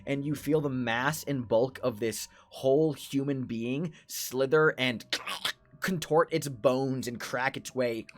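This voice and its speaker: A man narrating as game master of a horror tabletop game, describing scenes ominously. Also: mid-range voice.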